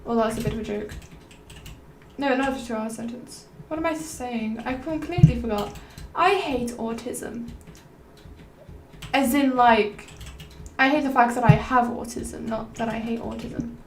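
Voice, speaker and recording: A woman's voice: on the high side, unhurried, pauses often. A woman streamer musing aloud and rambling between topics while playing a game. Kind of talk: rambling gameplay stream chat. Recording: roomy, slightly distant mic with faint noise.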